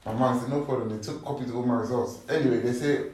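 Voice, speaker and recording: A young man, casually telling an animated story, laughing often and using slang. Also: medium pitch, quick pace. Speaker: podcast guest storyteller. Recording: echoey room, mic at a distance.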